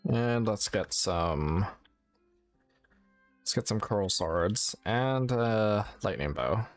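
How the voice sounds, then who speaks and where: A man's voice: lowish voice, animated, slow, no room sound, soft background music. A man streaming a game, chatting casually and rambling, often correcting his own words. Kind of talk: casual gameplay chat.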